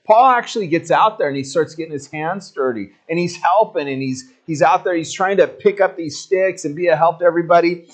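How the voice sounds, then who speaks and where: Pastor, male, slightly higher voice, casual animated storyteller in the pulpit. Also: fairly quick. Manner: conversational, animated storytelling with jokey asides. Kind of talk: sermon.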